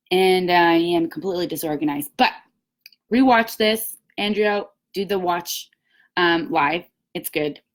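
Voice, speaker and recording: A woman giving a live-streamed sales coaching talk as team leader, emphatic and upbeat, acting out little quoted chats. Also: lowish voice. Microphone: webcam or phone, live stream.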